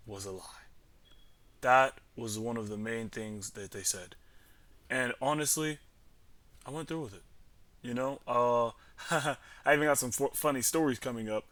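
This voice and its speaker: A man's voice: mid-range voice, fairly bright tone, dry recording. A young man telling a story in a casual, rambling way, slangy and profane with lots of fillers. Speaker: vlogger.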